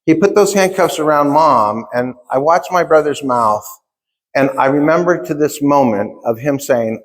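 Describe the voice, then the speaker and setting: A man's voice: on the high side, normal speed. A man in his fifties, giving a keynote at a conference and telling his own story in an emphatic way, repeating key phrases. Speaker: keynote speaker. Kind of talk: motivational storytelling speech. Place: large conference hall. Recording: long reverb of a large hall.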